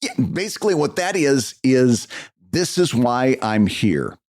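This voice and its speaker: A man co-hosting a podcast, a cartoonist casually explaining how he set up his page. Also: unhurried. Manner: conversational, explaining with lively pitch.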